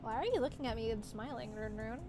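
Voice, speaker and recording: A woman's voice: a little high, fast talker, over music, pitched below the performer's own voice, natural voice. A woman voicing a sleepy, worn-out young woman customer who talks drowsily between yawns. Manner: drowsy, yawning, sluggish.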